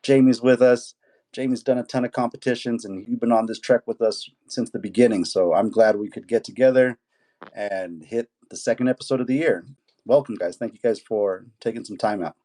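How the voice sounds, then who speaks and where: A male martial arts coach hosts a casual podcast in a relaxed, easygoing way. His voice is mellow and dark, and he often restarts his sentences as he talks. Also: medium pitch, brisk. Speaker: jiu jitsu coach and podcast host.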